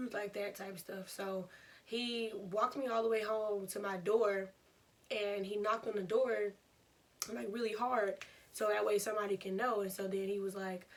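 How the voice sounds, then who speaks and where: A young woman, telling a storytime vlog in an animated, laughing way. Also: mid-range voice, far from the mic. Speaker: vlogger.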